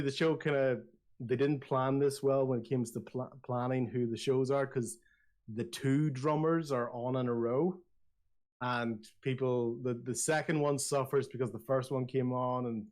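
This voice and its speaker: A man narrating a tabletop game as game master, telling the story in a lively way with many restarts. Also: medium pitch.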